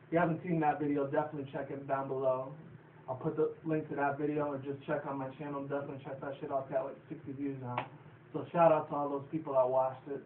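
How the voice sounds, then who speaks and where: A man's voice: medium pitch, level tone, fast talker, a little hiss or hum. A man casually recapping a cartoon episode, rambling, swearing and laughing often. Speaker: show reviewer. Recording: tinny distant phone-like audio in an echoey room.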